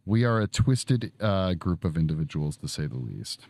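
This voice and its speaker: Low-voiced laid-back male streamer. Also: sing-song, normal speed, darkish tone. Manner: laid-back, chuckles often, trails off. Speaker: streamer host. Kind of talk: casual chat while sculpting. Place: home studio.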